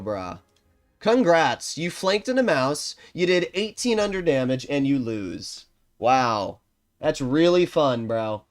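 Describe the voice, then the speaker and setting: A man's voice: very animated, unhurried. A man live-streaming a tank game, talking through his plays and ranting when things go wrong. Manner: frustrated ranting, swears often; quiet, low-key strategy talk. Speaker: gaming streamer.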